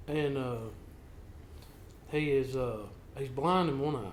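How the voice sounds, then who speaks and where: A man's voice: medium pitch, slow pace, a little hiss or hum. A man hosting a casual chat, telling profane stories with lots of swearing. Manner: profane, animated storyteller. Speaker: podcast host. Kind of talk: casual comedic storytelling chat. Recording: echoey room with faint ambience.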